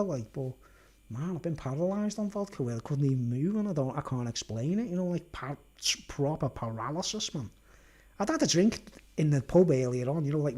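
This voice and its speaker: A video blogger with a warm, slightly high voice rambles through a casual rant. He laughs a good deal and tends to end sentences with "right?" and "mate."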